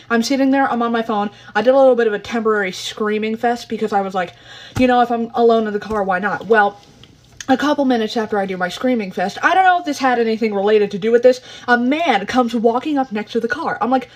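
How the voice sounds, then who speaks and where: A woman's voice: on the high side, brisk. A young woman telling a story in a casual vlog, exasperated and full of swearing. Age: young adult. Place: parked car.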